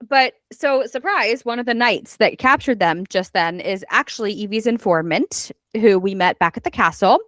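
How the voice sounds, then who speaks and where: A woman hosts a casual book club chat, recapping the plot in an animated way and slipping into the voices of the characters. Her voice sits at a middle pitch. The recording is dry and close, with no room echo. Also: moderate pace, hardly any pauses. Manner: animated storyteller, acts out character lines; chatty with many fillers. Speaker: book club podcast host.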